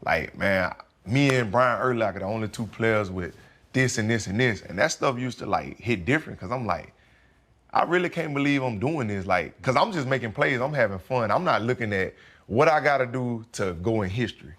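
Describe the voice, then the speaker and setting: A young man talks in an easy, candid way, dropping slang and "you know" often. His voice sits low. He sounds like a football player opening up in a casual podcast interview. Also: animated, brisk, a bit bright.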